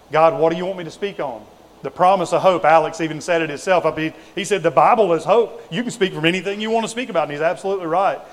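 A man preaching a sermon in a conversational, folksy way, with casual asides to the congregation. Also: fairly high pitch. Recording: reverberant hall.

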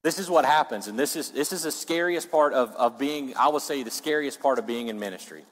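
A man preaching a sermon as pastor, swinging from loud rising passages down to low, quiet ones. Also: brisk. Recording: long reverb of a large hall.

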